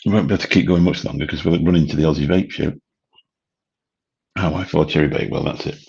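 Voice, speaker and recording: Man, late 50s, livestream host; husky, very deep, chatty and rambling. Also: steady tone, fast talker, darkish tone, dull audio. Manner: rambling, chatty, swears casually. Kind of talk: late-night livestream chat. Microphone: studio mic through a mixer.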